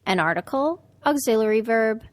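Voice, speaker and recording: A woman presenting a scripted English pronunciation lesson, speaking clearly and deliberately and modeling sample words. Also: a little high, animated, dry recording.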